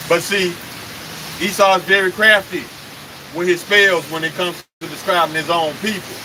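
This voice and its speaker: A man's voice: high voice, fairly even intonation, normal speed, background noise. A man preaching on a live stream, emphatic and confrontational, firing off rhetorical questions and cursing.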